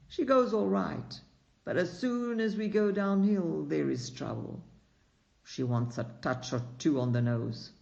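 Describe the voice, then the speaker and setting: Man voicing a male cart driver, panicky, loud high cries, gravelly. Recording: dull lo-fi recording.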